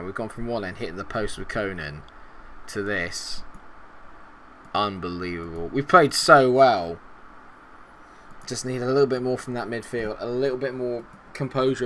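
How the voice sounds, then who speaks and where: A man giving chatty, excitable commentary over a football management game and talking to his viewers. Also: lowish voice, a little hiss or hum. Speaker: gaming video host.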